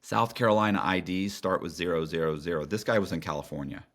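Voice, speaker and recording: A man's voice: sits low, fast, fairly bright tone. A middle-aged man telling a story as a podcast guest, in a casual, slangy way with many restarts and fillers.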